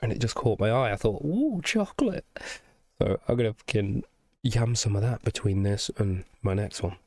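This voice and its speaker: A man's voice: fairly low pitch, fairly even intonation, fairly quick, darkish tone, no room sound. A young man with a nasal, congested voice from the flu, chatting casually and enthusiastically in a rambling reaction. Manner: rambling, swearing, enthusiastic, fond of "you know what I mean?". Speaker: music reaction YouTuber.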